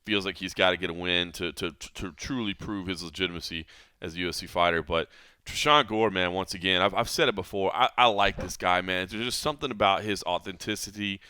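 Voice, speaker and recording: A man hosting a fight podcast in casual chat, voice low and bright with a forceful edge. He speaks smoothly and resonantly, earnest and reflective, often restarting his sentences. The sound is dry and close. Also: brisk, no room sound. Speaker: podcast host. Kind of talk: casual MMA podcast talk.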